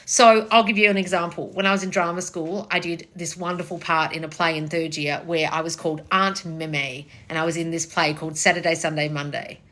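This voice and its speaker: A woman's voice: deep voice, fairly even intonation, fairly quick, hardly any pauses, sharp tone. A woman giving a blunt, casual motivational talk, swearing freely as she coaches viewers. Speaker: manifestation coach.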